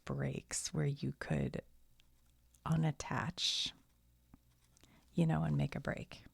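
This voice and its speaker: A middle-aged woman telling a rambling everyday story in soft-spoken ASMR style, often sinking into a whisper and chuckling as she goes. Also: sits low, flat delivery, slow pace, creaky, breathy edge, no echo. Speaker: ASMR channel host.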